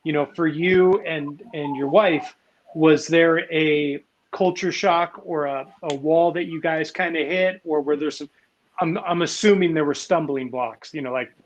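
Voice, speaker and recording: A man hosting an interview, asking questions in a halting way full of restarts. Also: on the high side, dull audio, slight background noise. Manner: halting, many fillers and restarts while asking. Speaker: host. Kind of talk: casual interview.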